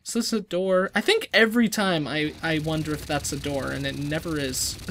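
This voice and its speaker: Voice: moderate pace, slight background noise. A let's-play gamer giving casual gameplay commentary, rambling and self-deprecating, often trailing off and restarting sentences. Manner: lively, jumpy pitch.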